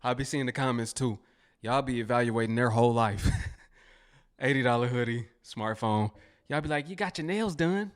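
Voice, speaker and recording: A man's voice: mid-range voice, fairly even intonation, normal speed, smooth. A man hosting a reaction commentary, laid-back and teasing, speaking in casual slang. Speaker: commentary host.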